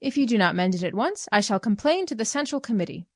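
A woman voicing a fussy, indignant woman who is easily irritated, shrill and petulant. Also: big pitch swings, fast, darkish tone, no room sound, studio quality.

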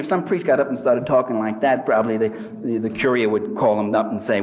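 This man talks fast in a low-leaning voice with fairly even intonation, delivering a satirical public lecture in a large hall. Sardonic and mocking, he imitates quoted people with exaggerated voices. The hall recording is distant and reverberant, with a little hiss or hum.

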